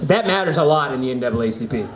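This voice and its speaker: A man hosting an open mic, teasing a comic with dry banter and loudly introducing the next act. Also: mid-range voice, expressive, rapid-fire, crowd noise. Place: small venue open mic. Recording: echoey room.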